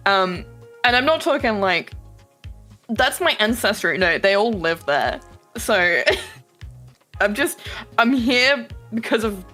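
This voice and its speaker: Expressive swearing woman streamer. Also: mid-range voice, slow pace, long pauses, faint music behind. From UK, Scottish-Irish family. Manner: expressive, swears, laughs often. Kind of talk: casual stream chat.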